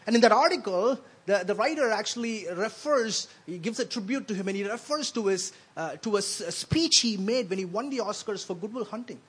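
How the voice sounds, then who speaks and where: A man delivers a sermon with a notably high voice. His tone is husky and a little breathy. He keeps it conversational, tossing in quick "right?" checks and doubling back on words. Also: animated. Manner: conversational, frequent "right?" asides, repeats words. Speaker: preacher.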